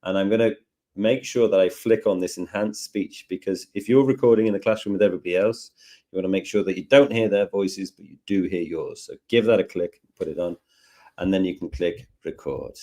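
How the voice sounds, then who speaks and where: A man hosting a live software lesson, chatting and joking as he thinks aloud through each step. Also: low voice, fairly quick. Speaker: tutorial host.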